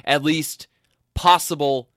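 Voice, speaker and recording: A man co-hosting a podcast, talking in a measured, friendly way. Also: fairly high pitch, fairly even intonation, fairly bright tone, no echo, clean studio sound. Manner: measured, friendly, speaks of his voiceover voice. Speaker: podcast co-host. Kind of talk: casual chat.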